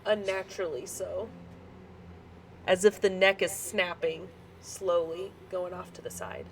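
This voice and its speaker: A woman's voice: lowish voice, measured pace, creaky, slight background noise. A woman running a tabletop game, narrating in vivid, unsettling detail. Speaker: game master.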